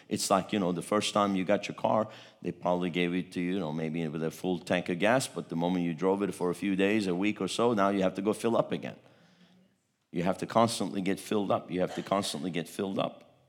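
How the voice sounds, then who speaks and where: A middle-aged man from Turkey preaching a sermon, telling a story with animated energy and acting out the people in it. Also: low-pitched. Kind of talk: testimony sermon.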